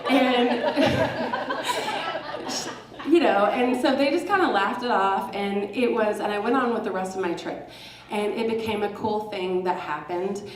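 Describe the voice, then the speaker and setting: A woman's voice: medium pitch, a little hiss or hum. Sarcastic woman telling a story on stage. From Texas. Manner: sarcastic, laughing, casually profane. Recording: roomy hall, mic at a distance.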